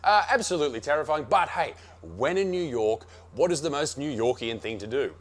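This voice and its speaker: A man's voice: a little high, lively intonation, a little fast. An Australian man delivering a comedic rant about his travels, brash and sarcastic, swearing freely. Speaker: comedian reviewing America. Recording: played from another video.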